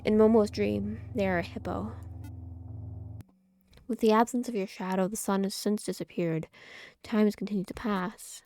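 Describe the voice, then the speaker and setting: A woman reading aloud a horror visual novel with measured, eerie narration. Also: medium pitch, steady tone, creaky, dark tone, slight background noise. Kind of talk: dramatic game narration.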